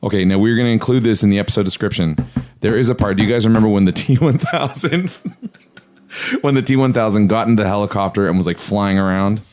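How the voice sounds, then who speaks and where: A man's voice: lowish voice, a little fast, noisy background. A man in his forties co-hosting a podcast, chatting casually and telling stories with laughter. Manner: animated, laughing storyteller. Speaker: podcast co-host. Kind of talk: casual chat.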